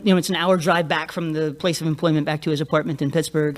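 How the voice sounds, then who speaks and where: A man's voice: sits high, normal speed, pauses often. A middle-aged male pastor preaching a sermon in a conversational way, often checking in with the congregation. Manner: conversational, laughs often, frequent "right?" tag.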